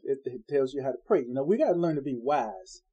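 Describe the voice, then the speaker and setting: A man's voice: medium pitch, expressive, fast talker, mellow, breathy edge, muffled recording. A man preaching an informal Bible-study sermon in a folksy, conversational way, acting out the people he quotes.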